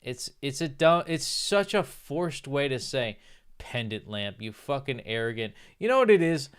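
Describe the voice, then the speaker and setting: A man's voice: mid-range voice, expressive, normal speed, clear, resonant tone, no echo, clean studio sound. Profane, sarcastic young man. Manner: profane, sarcastic, mocks snobbish voices. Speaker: streamer. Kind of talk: casual rant on a livestream.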